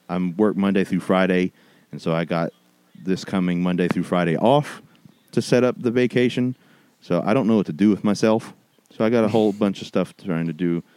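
A man co-hosting a podcast, chatting casually in a relaxed, rambling way. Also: low-pitched, smooth, no echo. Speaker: podcast co-host.

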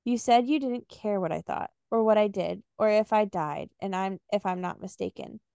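A woman's voice: medium pitch, moderate pace, gravelly, warm tone, clear, resonant tone, dry recording. Podcast woman reading a novel aloud. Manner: recaps and reads passages aloud with fillers. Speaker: podcast co-host.

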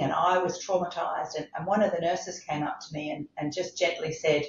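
A woman's voice: sits low, fairly quick, hardly any pauses. A middle-aged woman, a medical director, speaking emphatically in a podcast interview. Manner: impassioned, emphatic, repeats for stress. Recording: roomy, slightly dull sound.

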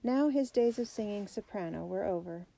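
A woman reading a children's biography aloud in a steady, clear storybook narration. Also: medium pitch, moderate pace, poor audio. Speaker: audiobook reader.

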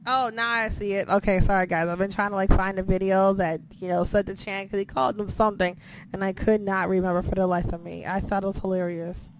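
A woman's voice: mid-range voice, level tone, fast talker, a little hiss or hum. A woman hosting a casual chat, talking loosely, swearing often and leaning on "you know". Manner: chatty, swears a lot, fills with "you know". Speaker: podcast host.

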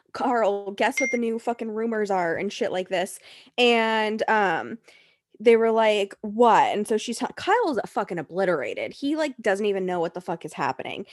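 A woman's voice: medium pitch, dry recording, clean studio sound. A young woman co-hosting a podcast, recapping a reality show in blunt, profane casual chat. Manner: blunt, profane, animated retelling. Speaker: podcast co-host.

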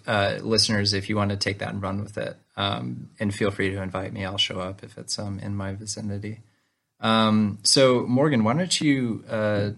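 Man, podcast co-host, fry-edged voice, playful banter. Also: a bit bright. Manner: playful, pitching ideas with jokes. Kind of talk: casual podcast chat.

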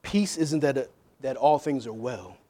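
A male pastor preaching a sermon, calling out to the congregation and swinging from hushed, low asides to loud, shouted passages. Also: a little slow.

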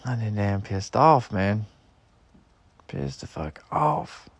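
A man's voice: on the low side, very animated, slow pace, breathy edge, dry recording. A young man venting in a profane personal rant, swearing heavily and griping in an exasperated way. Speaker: husband venting.

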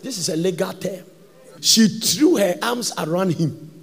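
Pastor, high gravelly voice, animated preaching with shouted bursts, long reverb of a church hall. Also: male voice, unhurried. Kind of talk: sermon.

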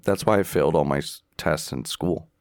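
A man chats about a film with a co-host, relaxed and full of dry, jokey asides. His voice is very deep. The sound is close and dry. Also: a little fast, dry recording. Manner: laid-back, dry quips and jokey asides. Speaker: podcast co-host. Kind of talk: casual movie review chat.

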